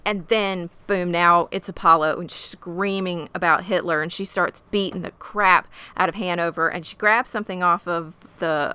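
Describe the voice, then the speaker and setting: A woman co-hosting a casual podcast, recapping a TV episode with animated, profane, emotional reactions. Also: lowish voice, normal speed, hardly any pauses, clear, resonant tone, no echo. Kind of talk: casual chat.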